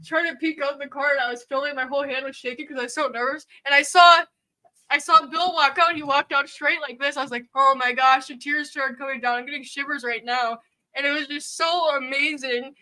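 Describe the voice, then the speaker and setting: A woman's voice: sits high, steady tone, brisk, sharp tone. A young woman co-hosting a livestream, telling a story in an emotional, rambling way. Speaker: co-host. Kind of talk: casual livestream chat.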